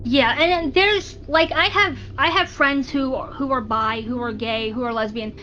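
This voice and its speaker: A woman with a high voice recounts a story in casual conversation, leaning on "I said" between quotes. Her voice sounds a little dull and muffled, with faint hiss behind it. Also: measured pace, bright, forceful tone. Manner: storytelling with repeated "I said". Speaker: guest. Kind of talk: casual chat.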